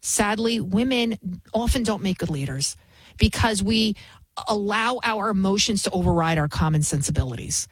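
Husky-voiced woman ranting on talk radio. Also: medium pitch, animated, normal speed, no echo, low-quality recording. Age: 40s. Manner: combative, ranting storytelling. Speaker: radio talk show host. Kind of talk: opinionated radio monologue.

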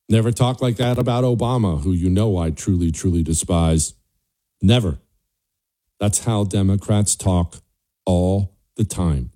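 A man's voice: low voice, dark tone. A male talk show host giving an emphatic, scornful political monologue, repeating his points for stress.

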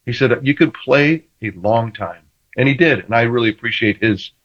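A man's voice: medium pitch, normal speed. A man in his middle register tells football stories in easygoing talk, jumping into playful voices for what he once said to referees. He restarts his sentences often as the thoughts tumble out. The sound is a little dull and lo-fi. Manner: animated storyteller, acts out quoted banter, many restarts. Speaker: former quarterback guest. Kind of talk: casual sports talk.

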